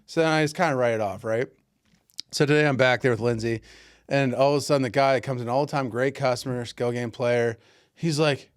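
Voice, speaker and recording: With a smooth, mid-range voice at a fairly quick clip, a Pennsylvania podcast co-host relates a casual story. He gets animated, imitating the voices of the people involved.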